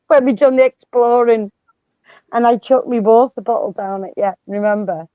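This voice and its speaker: A woman's voice: a little high, lively intonation, normal speed, no room sound, narrow, tinny audio. Laughing sweary woman. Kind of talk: casual chat.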